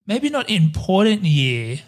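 A man's voice: high-pitched, very animated, slow. A man co-hosting a casual film-review chat, rambling through lists and laughing easily. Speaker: podcast co-host.

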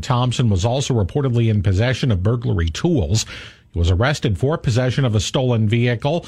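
A man reading local radio news in a measured, even newscast delivery. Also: mid-range voice, breathy edge.

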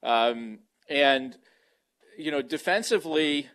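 A man's voice: on the high side, a bit bright. Man, sports radio guest, rambling, restarts a lot, handheld mic at home. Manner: rambling, halting, many restarts. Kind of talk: casual sports talk over a remote mic. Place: at home, beside a kitchen. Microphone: handheld microphone.

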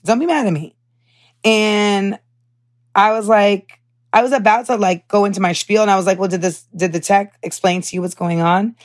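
A young woman hosts her podcast in casual chat. She talks candidly and with animation, full of fillers and the odd curse. Her voice sits at an ordinary middle pitch. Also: normal speed. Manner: candid, animated storytelling with profanity and many fillers. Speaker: podcast host.

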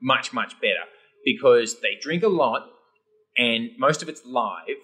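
Bright-voiced Australian man telling stories. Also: medium pitch, a little slow. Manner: animated storyteller with many restarts. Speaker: guest. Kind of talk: casual chat.

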